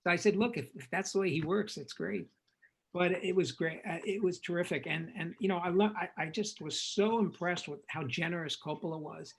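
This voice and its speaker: Older man telling gravelly stories. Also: high voice, low-quality recording. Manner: animated anecdotes, acting out quotes. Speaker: film director, interview guest. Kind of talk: casual storytelling interview.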